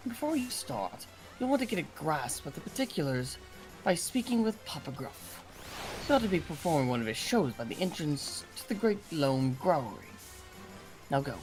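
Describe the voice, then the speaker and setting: A woman puts on a grandiose, scheming game host who befriends fiends, rolling out archaic phrases with theatrical flair. The voice sits low yet swoops widely, with game music playing behind it. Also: big pitch swings, moderate pace, poor audio. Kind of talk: dramatic reading of game dialogue.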